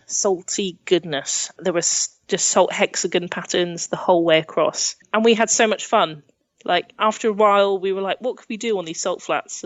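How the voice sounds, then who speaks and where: Her mid-range voice comes through a dry, muffled recording as this young woman from England tells travel tales on a podcast. An adventurer, she storytells casually in the interview, laughing a lot and performing other people's lines.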